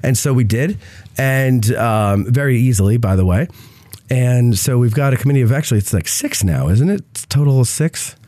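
A man's voice: medium pitch, expressive, normal speed, warm tone, no room sound. A man hosting a casual chat, congested from a cold and rambling with lots of fillers. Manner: rambling, self-interrupting with many fillers. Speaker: podcast host.

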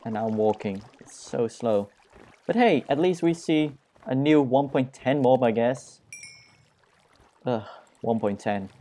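A young man giving casual, self-mocking commentary while he plays a video game, dropping puns in a flat tone. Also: mid-range voice, slow pace. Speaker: Let's Play gamer.

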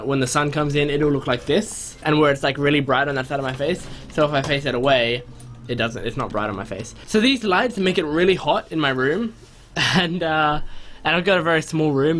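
A chatty young man with a slightly high voice, talking to viewers while he plays. His commentary rambles with many restarts and bursts into excited shouts, recorded in a small bedroom with a faint hiss behind him. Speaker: gaming video host. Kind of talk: casual gameplay commentary.

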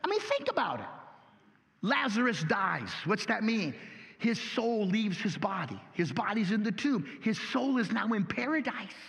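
A man preaching a sermon as pastor, folksy and animated, asking rhetorical questions. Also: high-pitched, unhurried, vocal fry, long reverb tail.

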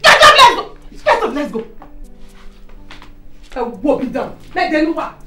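A middle-aged woman with a Nigerian accent playing a fiery mother from Edo who scolds loudly and confronts others. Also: high-pitched, very animated, a little slow, soft background music. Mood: scolding. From Nigeria, Edo (Bini). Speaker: mother of a pregnant daughter. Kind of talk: Nollywood film acting.

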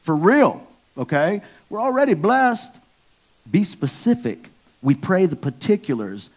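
A man's voice: sits high, very animated, a little slow, a little mellow. A man preaching a casual sermon, slangy and joking, talking straight to the congregation. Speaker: pastor.

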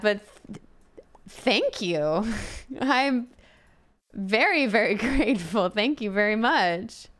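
On her live gaming stream, a young woman jokes with viewers, addresses the game's characters, and reads out donations with thanks. Her slightly high, a bit bright voice is very animated yet slow, with long pauses.

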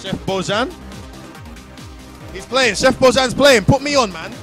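A man doing live commentary at a fighting game tournament, slangy and excitable, often bursting into shouts. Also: extremely high pitch, unhurried. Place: busy gaming venue. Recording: loud music behind.

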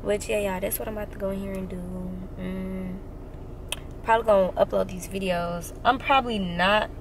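A woman's voice: mid-range voice, fairly even intonation, moderate pace, noisy background. A sleepy woman chatting casually with slang into a phone camera in her parked car at night. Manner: casual, slangy and chatty, drawling tired speech. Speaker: vlogger. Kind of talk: casual vlog chat.

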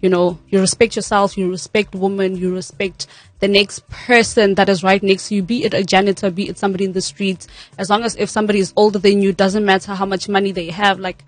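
A woman's voice: medium pitch, little pitch movement, quick pace, no room sound. A South African woman speaking candidly as a guest on a radio interview, laughing often. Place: radio studio.

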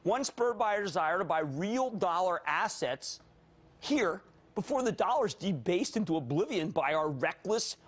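A man in his fifties with a Philadelphia accent delivers high-energy financial TV commentary. His voice sits very high and leaps wildly up and down. He is theatrical and bursts into shouts between quick jokey asides. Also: animated. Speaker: TV market commentator.

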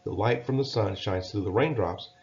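A man's voice: lowish voice, moderate pace, darkish tone, close to an everyday voice. A man voicing a kindly father bear who stumbles over his explanations, in a storybook reading. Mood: fumbling. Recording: dull lo-fi recording.

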